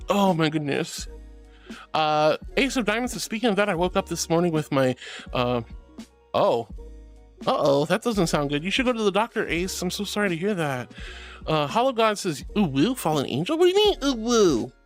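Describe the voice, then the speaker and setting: Man, VTuber host reading chat, high and very animated, affectionate and teasing, faint music bed. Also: moderate pace. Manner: affectionate, calls viewers sweetie and honey; playful, giggly, teasing. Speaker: VTuber streamer. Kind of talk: casual livestream chat reading.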